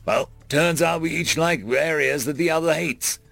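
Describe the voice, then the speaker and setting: A man's voice: a little high, normal speed, creaky, no echo, faint music behind. A man voicing a friendly, easygoing human settler who talks in a drawling, homespun way. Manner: drawling, relaxed, homespun phrasing.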